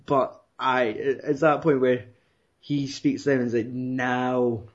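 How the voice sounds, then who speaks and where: A man's voice: mid-range voice, steady tone, moderate pace. A young man rambling, swearing and laughing as he retells a film in casual chat. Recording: dull lo-fi recording.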